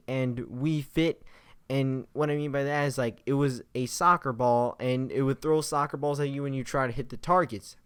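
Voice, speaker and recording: Excited young man rambling about games. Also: a little high, clear, resonant tone, no room sound. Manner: excited, rambling, many fillers and restarts. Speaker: gaming vlogger. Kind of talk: casual gaming impressions.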